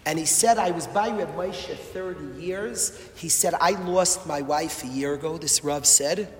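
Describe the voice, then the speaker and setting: A man giving an emotional sermon, impassioned and repetitive, swinging from loud appeals to hushed words. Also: fairly high pitch, unhurried. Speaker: rabbi or Torah speaker. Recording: echoey hall, faint ambience.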